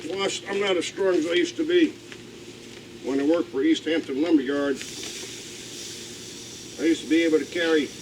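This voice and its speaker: A man's voice: fairly high pitch, a little hiss or hum, rough recording. Older man, folksy backyard DIY talk. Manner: folksy, grumbling, talks to himself while working. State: out of breath at times. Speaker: DIY video host. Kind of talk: casual how-to vlog narration. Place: outdoors by a backyard pool.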